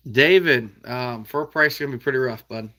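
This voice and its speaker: A man's voice: mid-range voice, a little fast, bright, forceful tone. A man with an American Midwest accent hosting a casual livestream, reading out viewer comments in an easygoing, folksy way with frequent chuckles. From Iowa.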